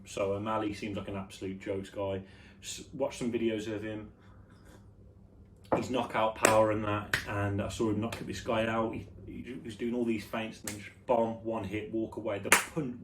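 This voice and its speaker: Young british man, slightly low voice, offhand rambling chat, low energy, mic a bit far off. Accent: British English. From United Kingdom. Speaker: vlogger. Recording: slightly distant mic with faint background noise.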